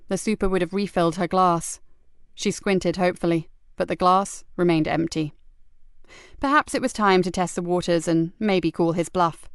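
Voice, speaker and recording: Smooth low-voiced woman narrating a mystery. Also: no room sound, clean studio sound. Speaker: audiobook narrator. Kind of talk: scripted narration.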